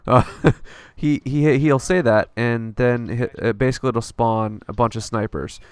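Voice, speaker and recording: A man's voice: mid-range voice, steady tone, moderate pace, smooth, dry recording. A man narrating a casual gameplay strategy guide in a loose, rambling way, full of fillers and offhand swearing.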